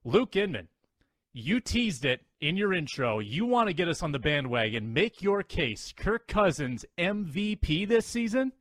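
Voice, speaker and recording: A man hosting a sports talk podcast, keeping things moving with upbeat banter and plugs for the show. His voice sits a little high. It is recorded close and dry, with no room sound. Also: big pitch swings, fairly bright tone, no room sound. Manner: upbeat, promo-style plugs and rapid banter. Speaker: podcast host.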